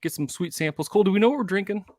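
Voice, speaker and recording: A man's voice: high-pitched, very fast, no echo, studio quality. A man co-hosting a casual whiskey podcast, upbeat and chatty as he runs through the show's business. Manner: upbeat, animated promo patter. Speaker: podcast co-host.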